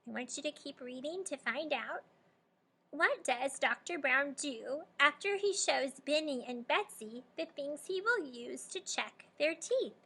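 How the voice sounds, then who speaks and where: A young adult woman teacher leading a guided reading lesson for young children, asking questions and warmly praising answers. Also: high voice, animated, unhurried. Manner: encouraging, prompting and praising students.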